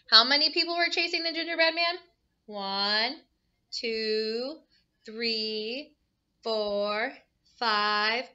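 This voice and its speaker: A woman teacher reading a picture book aloud to children, animated and asking them questions. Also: on the high side, measured pace, lo-fi sound. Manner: animated, asks the listeners questions.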